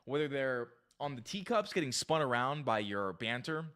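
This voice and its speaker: A man's voice: medium pitch, normal speed, clean tone. Guy giving dating tips, acts out the lines, voice jumping all over. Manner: eager, animated, acts out dialogue. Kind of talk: storytelling advice talk.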